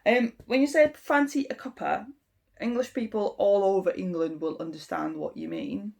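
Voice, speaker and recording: A woman giving an informal language lesson, explaining step by step in an unhurried way with frequent ums. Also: medium pitch, wildly swooping pitch, darkish tone. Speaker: English teacher.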